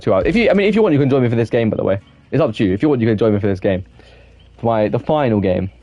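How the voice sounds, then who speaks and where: A young man streaming a game, chatting loosely with his viewers and getting quickly exasperated at teammates, with many restarts. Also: mid-range voice, warm tone, highs cut off. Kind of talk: casual live-stream chat while gaming.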